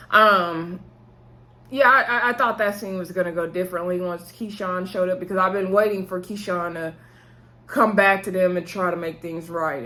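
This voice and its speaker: Low-voiced woman recapping a TV episode. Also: fairly bright tone. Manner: chatty, informal, retells scenes by quoting characters. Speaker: TV episode reviewer.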